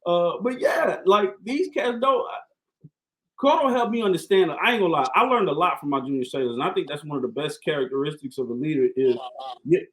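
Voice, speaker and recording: A man, a Navy command master chief, telling stories as a podcast guest in an animated, slangy way. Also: a little high, low-quality recording. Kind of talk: casual storytelling.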